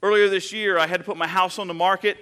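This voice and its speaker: A man's voice: sits high, fairly even intonation, quick pace, bright, forceful tone, smooth. A man in his thirties preaching a sermon, telling stories and acting out quoted voices in a conversational way. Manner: conversational storytelling with acted quotes. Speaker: pastor.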